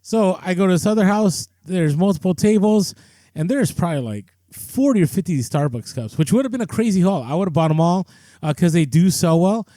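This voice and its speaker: Chatty higher-voiced podcast man. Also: expressive, fairly quick, mellow, no room sound. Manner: chatty, loose, many "like" fillers and restarts. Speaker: podcast co-host. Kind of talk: casual storytelling chat.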